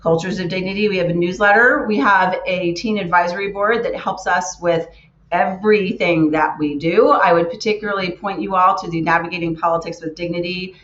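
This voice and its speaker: Woman keynote speaker, earnest and emphatic, lowish voice, muffled recording. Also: brisk, fairly bright tone. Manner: earnest, emphatic with repeated words. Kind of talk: motivational talk. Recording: roomy, muffled lo-fi sound.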